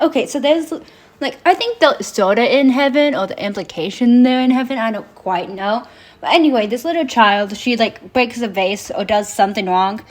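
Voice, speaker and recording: Hoarse woman vlogger, rambly, filler-heavy book recap. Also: mid-range voice, animated, normal speed. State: hoarse, losing her voice. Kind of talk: casual book summary.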